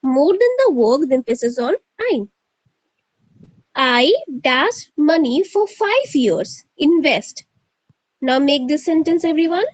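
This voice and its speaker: An Indian English woman with a high, bright voice teaches grammar in a live online class. She keeps asking her students questions and slips into Hindi to prod them. Her voice sounds close and dry, with no room around it. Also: big pitch swings, slow pace, dry recording, rough recording.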